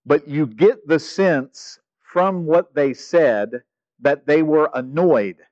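A male pastor preaching a sermon, animated, swinging from loud stretches to hushed ones. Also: on the high side, slow pace, no echo, dull audio.

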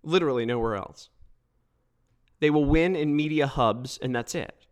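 A man giving opinionated solo political commentary, emphatic and quick to mock others. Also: on the high side, clear, resonant tone. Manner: emphatic, animated, mocking quoted voices.

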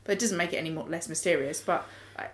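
A woman's voice: lowish voice, fast talker. A woman in a casual group discussion, explaining her ideas in a reflective way.

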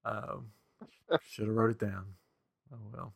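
A man's voice: on the low side, fairly even intonation, a little slow, gravelly, husky. A young man hosting a podcast in a casual, jokey chat, laughing often and acting out what others said. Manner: jokey, laughs often, acts out quoted voices. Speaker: podcast host.

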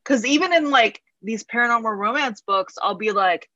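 A married woman joking dryly on a podcast, often trailing off softly. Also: mid-range voice, brisk, hardly any pauses, dry recording, dull audio. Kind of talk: casual podcast chat.

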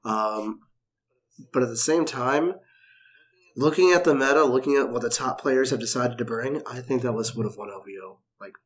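A man's voice: medium pitch, normal speed. A man who teaches classes, chatting casually and emphatically on a podcast. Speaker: instructor and podcast co-host. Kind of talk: casual chat.

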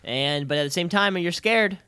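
A man's voice: high voice, moderate pace, pushed and bright, clean tone, no room sound, studio quality. A man co-hosting a podcast in casual chat, eagerly asking questions and repeating phrases. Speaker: podcast co-host. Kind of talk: casual chat about wrestling.

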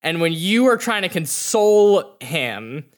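Game master narrating a tabletop session, takes it slow, descriptive. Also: medium pitch, sing-song.

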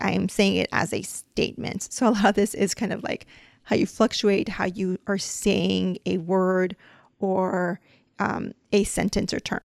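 With a mid-range voice touched by vocal fry, this woman teaches dental Spanish on a casual podcast; the studio-quality sound has no room tone. A dental hygienist from a Mexican family who grew up in the US, she patiently walks through examples, filling gaps with plenty of "um"s and "like"s.

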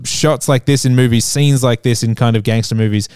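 A man's voice: mid-range voice, steady tone, fairly quick, a little mellow, smooth. A man hosting a casual movie review chat, retelling scenes and laughing often.

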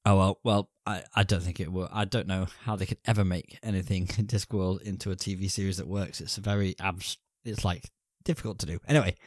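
A man's voice: deep voice, steady tone, a little fast, hardly any pauses, no echo, clean studio sound. A man co-hosting a casual film review podcast, bantering crudely with rambling asides. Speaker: podcast co-host.

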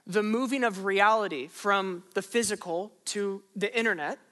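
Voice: medium pitch, a bit bright. A pastor preaching a sermon in a conversational way, asking rhetorical questions and repeating phrases for emphasis.

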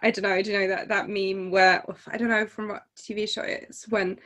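A woman co-hosting a podcast, chatting in a relaxed, rambling way and laughing often. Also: medium pitch, fairly quick. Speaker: podcast co-host. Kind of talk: casual book discussion.

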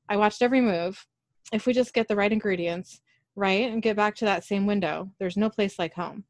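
A podcast host with a medium-pitched voice recaps a TV episode in casual talk, animatedly retelling it and reading out the characters' lines in her own voice. The recording is clean studio sound with no echo.

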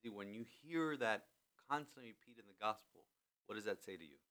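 A man hosting a podcast in a studio, talking through a scripture passage in a relaxed, chatty way with many restarts. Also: fairly low pitch, fairly quick, clear, resonant tone. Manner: animated, lots of restarts and "you know". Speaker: podcast host. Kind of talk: conversational scripture commentary. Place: studio in a building with thin walls.

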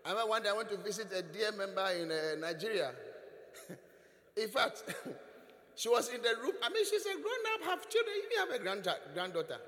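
A man preaching a sermon as bishop, telling stories with animated delivery and frequent chuckles. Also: high voice, brisk. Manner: animated storytelling, chuckling often. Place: large church hall. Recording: echoey church hall.

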